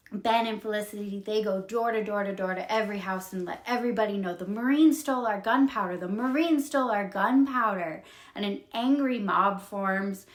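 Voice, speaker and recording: A young woman walks through a children's book plot in a casual, chatty way. She reacts emotionally and laughs often. Her voice sits at an everyday middle pitch, and the room around her rings with echo. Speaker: video creator retelling books. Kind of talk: casual storytelling recap.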